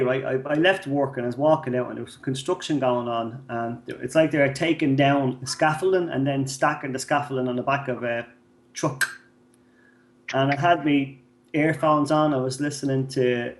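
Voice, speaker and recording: A man's voice: medium pitch, normal speed. A man, co-hosting a podcast and telling profane stories in casual chat, acting out the people in them. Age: 30s. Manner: swearing storyteller, acts out voices in anecdotes. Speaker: podcast co-host.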